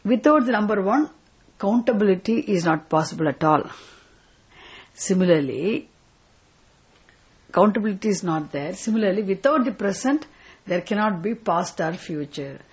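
A woman teaches a spiritual class. Her voice is husky and sits at a middle pitch. She asks her students questions and restates each point more than once. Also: expressive, moderate pace, pauses often, poor audio. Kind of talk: Vedanta scripture class.

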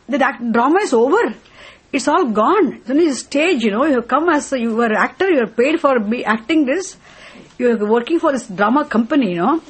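A woman's voice: on the high side, breathy edge, voice pushed up. A woman voicing an exasperated wife who insistently coaxes her husband to come off the stage. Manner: insistent, coaxing.

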